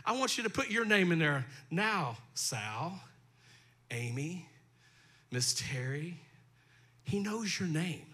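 A man's voice: fairly high pitch, sing-song, slow, pauses often, sharp tone, husky. A male pastor preaching a sermon in a folksy, conversational way, talking directly to his congregation, his throat dry. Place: church sanctuary.

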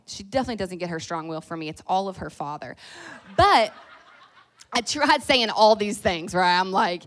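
A middle-aged woman with a Kentucky accent, preaching a sermon in a lively, folksy way that swings between loud and soft. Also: medium pitch, moderate pace.

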